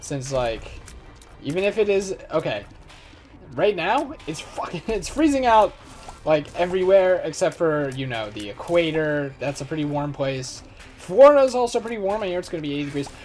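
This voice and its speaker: With a sing-song lilt, a slightly high pitch and a darkish tone, this man speaks at normal speed over faint music. He's a let's play host in his twenties who rambles and jokes about himself while commenting on gameplay.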